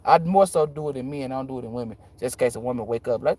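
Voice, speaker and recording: A low-voiced woman who reads tarot speaks straight to her audience in a loose, unscripted monologue. She is blunt and slangy, and swears freely. She tells her stories in an animated, emphatic way. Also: fast talker, hardly any pauses. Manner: profane, emphatic, animated storytelling. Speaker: tarot reader. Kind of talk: casual monologue to viewers.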